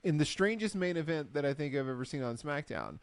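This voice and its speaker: A man co-hosting a casual recap show, telling the story with lively acted-out quotes. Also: fairly high pitch, fast talker, clean tone, no echo. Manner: animated storyteller, acts out quotes. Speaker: podcast co-host. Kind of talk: casual chat.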